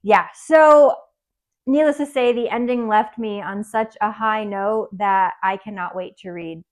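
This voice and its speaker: A woman's voice: mid-range voice, a little slow. A woman co-hosting a podcast, chatting casually and emotionally about a book, laughing often. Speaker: podcast co-host.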